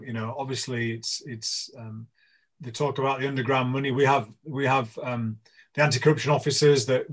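English guy, middle-aged, ex-cricketer telling stories, does the voices of his mates, casual and animated. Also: mid-range voice. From England. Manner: animated storyteller, acts out voices of teammates. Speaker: interview guest, former cricketer.

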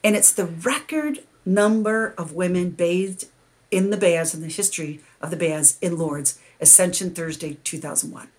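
A middle-aged woman, a podcast guest, telling a long personal story with lively energy and frequent laughter. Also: lowish voice, normal speed. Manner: animated, laughs often while telling a story. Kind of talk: storytelling in a conversation.

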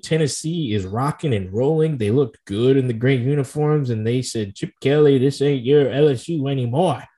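Male co-host, relaxed and chatty, drifts between tasting notes and game talk. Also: medium pitch. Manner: easygoing, rambling, tasting-note descriptions. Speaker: podcast co-host. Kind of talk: casual chat about sports and whiskey tasting.

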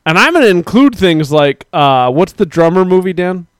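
A man's voice: high voice, sing-song, normal speed, clear, resonant tone, dry recording. A man hosting a live stream, chatting casually and rambling as he reads out viewers' comments. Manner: rambling, talks to chat viewers, mock-quotes people. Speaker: podcast host.

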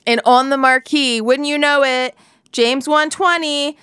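A woman's voice: sits high, steady tone, measured pace, fairly bright tone, no room sound. A woman in her forties giving a candid devotional Bible talk, telling a personal story with laughs and asides, into a close studio mic.

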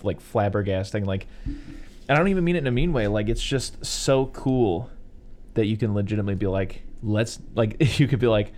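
A man's voice: lowish voice, expressive, brisk, darkish tone. A man co-hosting a casual podcast chat, recapping movie plots in a rambling way with many fillers. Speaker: podcast co-host.

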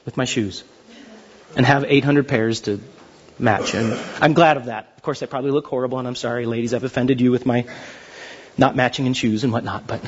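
A man preaching a sermon, telling stories animatedly and acting out what people say, with a husky voice. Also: mid-range voice, a little fast, lo-fi sound. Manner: animated storytelling, acting out quotes.

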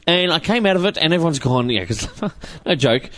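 A man's voice: a little high, brisk. An Australian man, a comic shop owner and podcast co-host, talking casually and chattily with slang and frequent laughs. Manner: lively, chatty, laughs often, drops slang.

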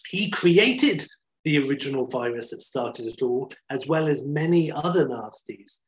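A man's voice: medium pitch, expressive, a little slow, rough recording. Chatty man retelling a story. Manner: enthusiastic, chatty, with many fillers. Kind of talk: casual storytelling chat.

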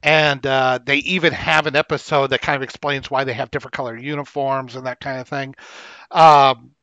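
A man co-hosting a casual podcast about movies, talking haltingly, repeating words and laughing often. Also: mid-range voice, little pitch movement, pushed and bright, dry recording, highs cut off. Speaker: podcast co-host.

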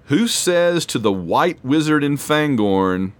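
Animated man hosting a casual quiz. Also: fairly high pitch, takes it slowly. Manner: animated, rambling, self-deprecating. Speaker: quiz host. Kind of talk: casual trivia chat.

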